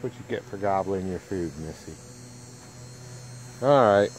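A man's voice: low voice, lively intonation, a little slow, pauses often, a little hiss or hum, poor audio. A man, a dog breeder, chatting casually and coaxingly to his dogs in a home video. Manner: doting, coaxing talk to his pets.

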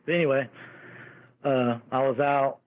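Brief: male caller, rambling casual storyteller, mid-pitched, heard over a tinny phone line. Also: fairly even intonation, unhurried, slight background noise. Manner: rambling, restarts and quotes neighbors. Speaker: caller telling an encounter story.

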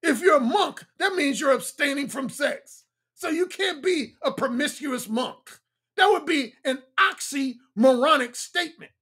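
A man in his fifties, a dating coach talking bluntly on a livestream, repeating his points and swinging between a high throaty tone and a deep resonant one. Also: expressive, measured pace, bright, forceful tone. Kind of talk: livestream talk.

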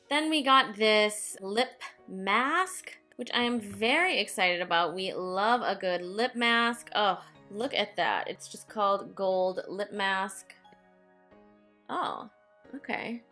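Bright, chatty young woman vlogger. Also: medium pitch. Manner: chatty, playful, breaks into song and jokes. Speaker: beauty vlogger. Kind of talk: casual makeup review chat. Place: home, indoors.

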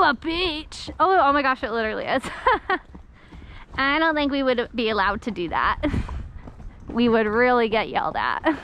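A woman's voice: high-pitched, fairly bright tone, a little hiss or hum. A young woman vlogging casually while riding a horse on an outdoor trail, chatty and giggly, teasing her horse, recorded on an action camera. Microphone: helmet or body-mounted action camera.

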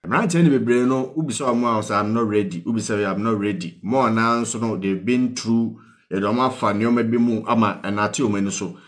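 A mid-range voice moving a little quickly: a call-in show host with a Ghanaian accent. He alternates Twi and English, keeps nudging viewers with "What you say?", and sounds earnest and pleading as he dispenses advice.

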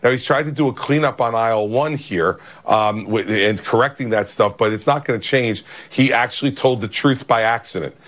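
A man's voice: medium pitch, normal speed, few pauses, fairly bright tone. A man giving a blunt, assertive answer in a broadcast interview. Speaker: political guest.

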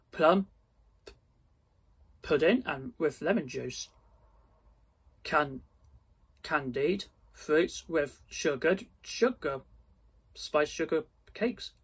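A man's voice: on the high side, expressive, takes it slowly, pauses often, husky, full character voice. A man doing a cheerful, eager young nephew.

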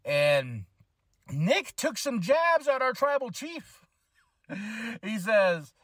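A man hosts his own podcast and recaps the show in a loose, rambling way. His voice sits a little high for a man and he drops into quoted voices as he goes. The sound is dry and close, with no room echo. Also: slow, long pauses. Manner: excitable, chatty, acts out quotes. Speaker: podcast host. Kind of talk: casual solo wrestling recap.

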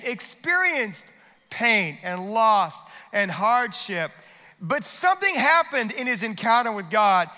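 High, bright-voiced man preaching a sermon. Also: in a large hall. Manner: energetic preaching, rising to shouted declarations. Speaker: pastor. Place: church auditorium.

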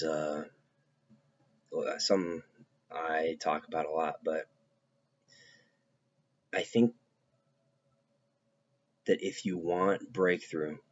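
A man with a very deep voice gives a casual devotional talk, taking his time and pausing often on fillers. The recording sounds dull and lo-fi. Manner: casual, halting, with many fillers. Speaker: preacher.

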